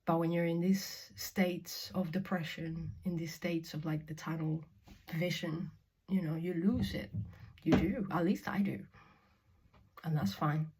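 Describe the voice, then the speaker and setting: Here the young Spanish vlogger, who focuses on spirituality, speaks at a measured pace with a low pitch and fairly even intonation, with slight background noise. It's a frank, casual monologue to camera: plenty of swearing, frequent laughter, and shifts between loud talk and whispering.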